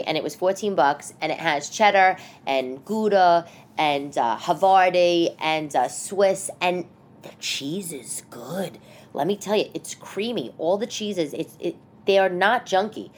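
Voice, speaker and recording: A middle-aged woman with a New York accent, hosting her own podcast in a rambling, chatty way, interrupting herself often. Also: fairly low pitch. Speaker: podcast host and comedian. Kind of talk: casual solo podcast chat.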